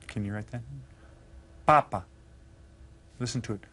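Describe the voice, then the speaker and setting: A man's voice: medium pitch, pushed and bright. Patient man teaching a language lesson. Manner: patient, slow enunciation of words; encouraging, asks students questions. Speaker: Spanish teacher. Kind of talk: recorded classroom lesson.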